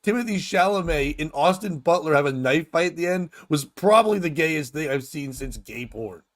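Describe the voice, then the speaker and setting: Loud-mouthed man rambling in a casual chat. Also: a little high, animated, normal speed, no echo, studio quality. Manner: crude, rambling, laughs often, acts out quotes. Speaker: morning show host.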